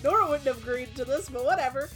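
Young woman, high voice, profane giggly game recap, light music bed. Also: animated, fast talker, a bit bright. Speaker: player recapping a tabletop game. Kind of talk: casual chat.

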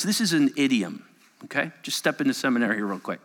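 A man preaching a sermon as pastor, animated, swinging between loud emphasis and hushed asides. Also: medium pitch, a little fast. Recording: long hall reverb.

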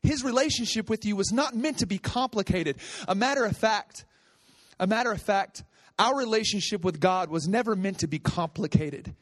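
A middle-aged man preaching a sermon as a pastor, telling stories in a conversational way and building to animated, excited peaks. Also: sits high, moderate pace. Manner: conversational storytelling with repetitions.

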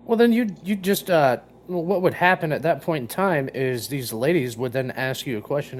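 A man's voice: fairly high pitch, animated, moderate pace, few pauses. A man co-hosting a podcast who chimes in with short, wry jokes during casual chat. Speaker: podcast co-host.

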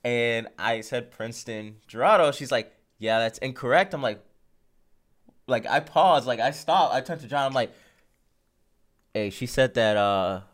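A man's voice: mid-range voice, animated, a little slow. A man hosting a podcast, telling a story in casual chat and acting out phone calls, laughing often. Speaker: podcast host.

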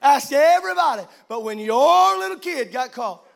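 A man, a pastor, preaching a sermon in a church, shouting and swinging into sing-song cadences. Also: very high-pitched, expressive, moderate pace, vocal fry.

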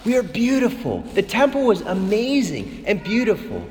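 A man with a high voice preaches a heartfelt sermon. He moves between near-whispered tenderness and rising, urgent emphasis. His words trail off into the long echo of a church. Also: huge pitch swings, normal speed. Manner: impassioned, swings between hushed and raised. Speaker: priest.

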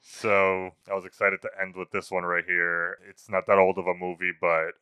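A young man co-hosting a casual podcast, chatty and quick to laugh as he reads out film facts. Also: low voice, flat delivery, pushed and bright, clean tone, no echo. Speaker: podcast co-host. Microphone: podcast microphone.

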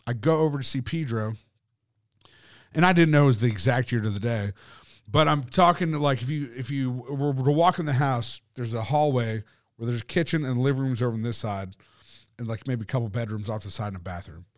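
A man co-hosting a podcast in casual conversation, swearing freely as he rambles through a story with plenty of fillers. His voice sits at an ordinary middle pitch. The sound is dry, with no room echo. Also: brisk. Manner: profane, rambling, lots of fillers. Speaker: podcast co-host.

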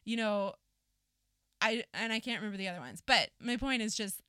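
A woman's voice: mid-range voice, a little fast, bright, forceful tone, clear, resonant tone, dry recording, studio quality. An American woman in her thirties, a podcast guest chatting casually and animatedly with lots of fillers. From United States.

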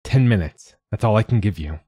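A man voicing a terse ship's captain giving clipped, urgent orders, with a husky voice. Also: medium pitch, expressive, a little fast, warm tone, no echo.

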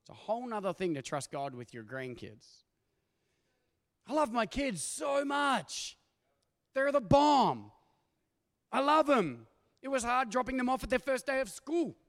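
A middle-aged man, preaching a sermon as a pastor and telling stories in an animated way, acting out quoted voices. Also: very high-pitched, measured pace, pauses often. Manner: animated storytelling with acted-out voices. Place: church auditorium. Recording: long hall reverb from a church.

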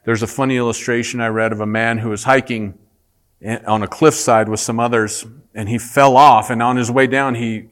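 A man preaching a sermon as pastor in a church, earnest and emphatic, turning animated when he tells a story. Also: mid-range voice.

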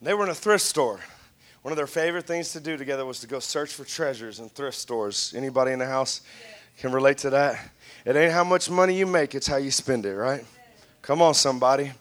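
A male pastor preaching a sermon in a church, calling out to the congregation and building up to shouts. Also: medium pitch, brisk.

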